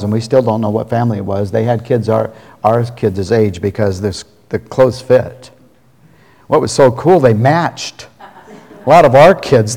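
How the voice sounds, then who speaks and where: Folksy preacher man in an echoing hall. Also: mid-range voice. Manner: folksy storytelling, ending in a soft prayer. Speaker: pastor. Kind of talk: sermon. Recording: long reverb of a large hall.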